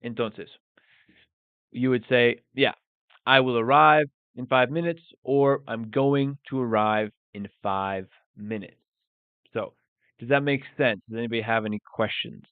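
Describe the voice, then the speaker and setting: A man teaching a live language lesson at an unhurried pace, stressing each example phrase as he repeats it. His voice comes through smooth and clear, but thin and narrow, like a phone line in a dry room. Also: mid-range voice, dry recording. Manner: explains slowly, repeats example phrases with emphasis. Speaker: English teacher.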